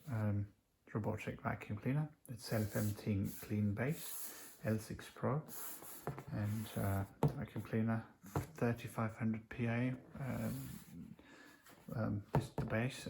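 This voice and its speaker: A man's voice: on the low side, fairly even intonation, measured pace, gravelly. A man casually unboxing a gadget, rambling with many fillers as he reads the specs off the box aloud. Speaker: unboxing vlogger. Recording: noisy home recording.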